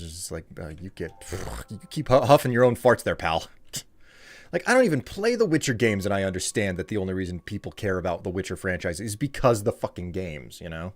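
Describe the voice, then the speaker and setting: A man's voice: fairly low pitch, lively intonation, normal speed, a bit bright. A man from the United States chatting casually on a live stream, rambling and ranting as he answers his chat.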